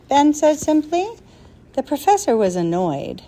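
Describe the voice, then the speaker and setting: Woman, storybook narrator, slow measured reading, expressive swooping pitch, fairly high.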